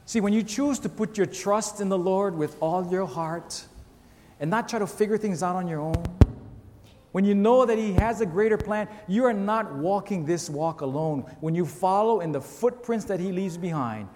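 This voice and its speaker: A man with a high voice preaches a storytelling sermon, lively and poking fun at himself. His voice rings out through the long reverb of a big church hall. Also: moderate pace, slight background noise. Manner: animated storyteller with self-mocking humor. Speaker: pastor.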